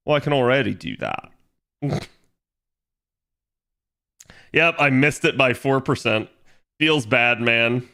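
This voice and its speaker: A man's voice: mid-range voice, lively intonation, takes it slowly, long pauses, sharp tone. A young man streaming from home, chatting casually with his viewers in a rambling way full of fillers. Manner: rambling, filler-heavy, reads chat aloud.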